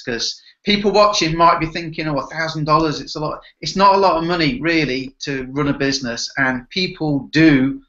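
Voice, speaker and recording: Upbeat male host, bright tense voice, roomy lo-fi call sound. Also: medium pitch. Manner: upbeat, enthusiastic. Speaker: hangout host. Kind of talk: casual online hangout chat. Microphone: video call. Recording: echoey, dull lo-fi web call audio.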